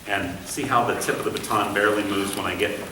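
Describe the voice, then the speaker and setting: A man's voice: fairly low pitch, fairly even intonation, quick pace. Patient male conducting teacher, echoey room. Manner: patient, demonstrative, sings syllables to show rhythm. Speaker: conducting instructor. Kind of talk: classroom coaching. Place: rehearsal room. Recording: echoey room from far off, faint hiss.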